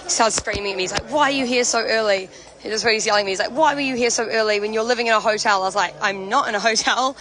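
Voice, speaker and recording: A woman livestreamer speaks very fast in a fairly high voice, with poor audio. Holding her phone at an outdoor protest camp, she chats casually and directly to viewers while a crowd and music sound behind her.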